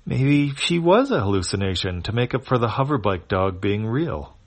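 A man voicing a weary, sardonic drifter in a comic, close to his own low voice. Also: big pitch swings, moderate pace. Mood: wry. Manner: dry and sardonic.

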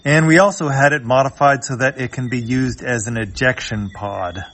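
A man voicing a smug, calm male schemer from a comic strip, with a dry delivery. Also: mid-range voice, normal speed, a little hiss or hum, close to an everyday voice.

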